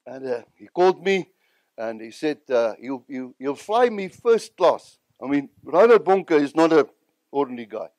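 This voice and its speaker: A South African evangelist with a high, light voice recounts his own story with earnest feeling. The recording is close and dry, with no room echo. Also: big pitch swings, moderate pace, darkish tone. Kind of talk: personal testimony.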